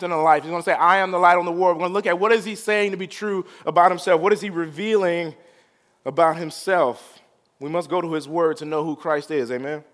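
A male pastor preaching a sermon, drawing out the crowd with call-and-response and swinging from quiet to loud. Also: fairly high pitch.

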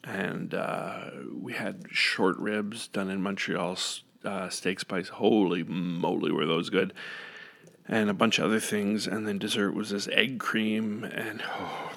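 A man's voice: on the low side, fairly even intonation, measured pace, vocal fry. A man telling a casual, rambling story into a close microphone, often correcting himself and laughing. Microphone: studio microphone up close.

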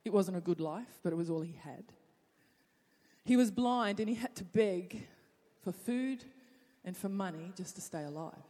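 A woman preacher delivering a sermon, reading scripture and swinging from hushed asides to loud appeals. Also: lowish voice, normal speed, in a large hall.

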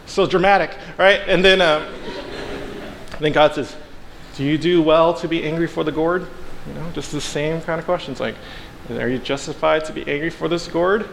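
A man delivers a relaxed, conversational sermon and slips into the characters' voices as he retells the story. His voice sits a little higher than most men's. It carries a long reverb from the hall, with faint noise underneath. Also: moderate pace. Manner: animated storytelling, acts out characters with playful asides. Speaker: preacher. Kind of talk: casual sermon.

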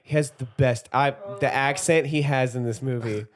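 A man's voice: mid-range voice, moderate pace. A man co-hosting a podcast, chatting casually and animatedly while recapping a comedy film, often acting out lines. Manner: animated, laughing, acts out quotes. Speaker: podcast co-host.

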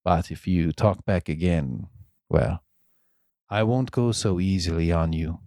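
A man voicing a menacing, smooth-talking jailer who speaks softly and slowly. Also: deep voice, no room sound, studio quality. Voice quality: soft, slow, threatening.

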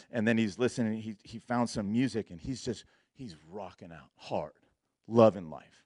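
A man's voice: on the low side, expressive, normal speed, darkish tone, dry recording, clean studio sound. A young man telling a personal story in a sermon, casual and slangy, laughing often and acting out his own lines. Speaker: preacher.

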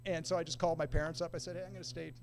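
A middle-aged man with a slightly high voice tells a long anecdote in laid-back surfer talk. He slips into other people's quoted lines as he goes. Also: little pitch movement, racing, gravelly. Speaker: podcast guest. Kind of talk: casual storytelling.

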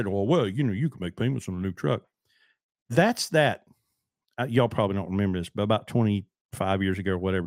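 A man's voice: lowish voice, no room sound, clean studio sound. A middle-aged man hosting a solo talk show, ranting bluntly and heatedly about trucking in a rambling way. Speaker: podcast host, trucking business owner.

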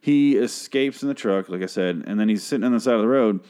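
Young male vlogger, lowish voice, swearing rants, exasperated show recap. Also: fast talker, warm tone, clear, resonant tone. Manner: ranting, profane, exasperated.

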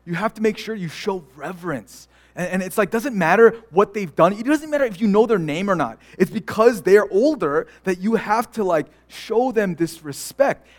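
High-voiced young pastor, chatty sermon. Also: male voice. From United States. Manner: conversational storytelling with many fillers and restarts.

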